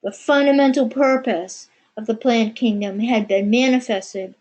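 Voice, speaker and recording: A woman giving a spiritual channeling session, speaking as "we" in a measured way with many pauses. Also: on the high side, a little mellow, poor audio. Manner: measured, pausing often, speaks as "we". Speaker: channeler answering questions. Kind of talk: slow meditative spiritual channeling.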